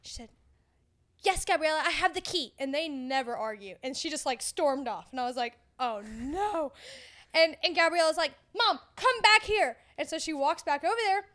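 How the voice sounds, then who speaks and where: A woman's voice: sits high, moderate pace. A young woman co-hosting a podcast, telling a story in casual chat and acting out what everyone said. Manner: animated storyteller acting out quotes. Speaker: podcast co-host.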